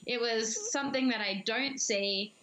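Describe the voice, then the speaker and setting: Hesitant woman with a higher voice. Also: a little slow, noisy background. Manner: hesitant, says "like" constantly. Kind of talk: casual chat.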